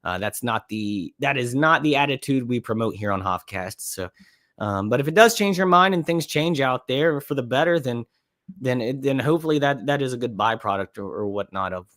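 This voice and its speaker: A man hosts a casual live podcast stream, reacting to clips at an ordinary, mid-range pitch. He talks in a laid-back, rambling way and thinks aloud as he goes. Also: lively intonation, normal speed, a bit bright. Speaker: livestream podcast host.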